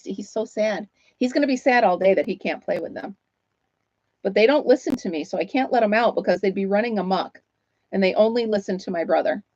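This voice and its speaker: A woman's voice: mid-range voice, dry recording. Woman chatting on a home livestream, answers comments, laughs a lot, dry dull sound. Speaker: livestream host. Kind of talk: casual chat while crocheting.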